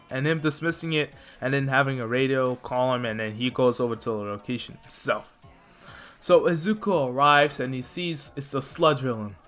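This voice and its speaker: A man's voice: mid-range voice, normal speed, fairly bright tone, soft background music. A man casually narrating a made-up fan story, rambling along with lots of "you know" fillers.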